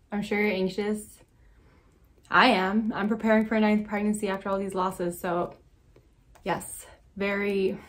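A young adult woman talking to camera in a casual vlog, earnest and supportive, speaking directly to her viewers. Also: mid-range voice. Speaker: vlogger sharing personal experience.

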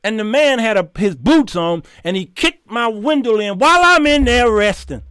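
High, animated man telling a story. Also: moderate pace, slight background noise. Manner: animated, preachy storytelling with shouts and asides. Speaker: show host. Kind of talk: storytelling commentary.

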